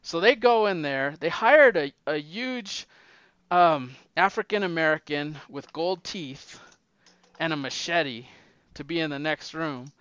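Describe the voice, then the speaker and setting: Animated man retelling a movie, dry sound. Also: on the high side, a little slow, smooth, no room sound, dull audio. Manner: animated storyteller, acting out characters' lines in raised voices. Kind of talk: casual retelling of a movie plot.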